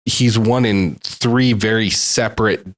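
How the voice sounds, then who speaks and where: Low-voiced man rambling as a podcast host. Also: steady tone, slow pace. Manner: analytical, rambling, trailing off. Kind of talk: casual interview talk.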